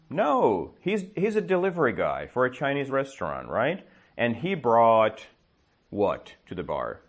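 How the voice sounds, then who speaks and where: A man teaching English, telling a story slowly to a class and checking their understanding with quick questions. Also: medium pitch. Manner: slow, exaggerated storytelling with comprehension checks. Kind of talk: storytelling lesson with questions to learners.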